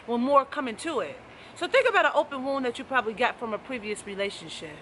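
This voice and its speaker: A woman's voice: a little high, lively intonation, fast talker, fairly bright tone, slight background noise. A woman life coach giving an emphatic, preachy motivational talk to camera, repeating her key phrases.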